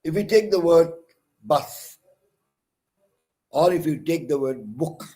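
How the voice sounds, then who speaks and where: Slow, deliberate Indian English lecturer. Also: male voice, a little high, animated, mellow, rough recording. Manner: slow, deliberate, spells words out letter by letter; frequent pauses with "uh" and self-corrections. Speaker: counsellor teaching English. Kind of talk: recorded lecture.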